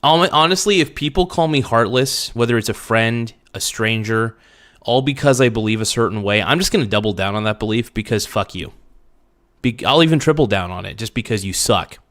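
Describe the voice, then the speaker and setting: A man's voice: mid-range voice, lively intonation, brisk, fairly bright tone. A young man hosting a livestream, ranting bluntly and profanely to his chat with frequent restarts. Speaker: livestream host. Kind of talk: casual livestream rant.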